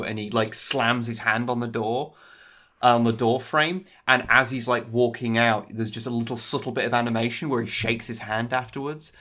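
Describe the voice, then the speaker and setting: A man's voice: mid-range voice, level tone, normal speed, sharp tone. A man co-hosting a podcast, chatting casually and enthusiastically about film animation with many hesitations. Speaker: podcast co-host.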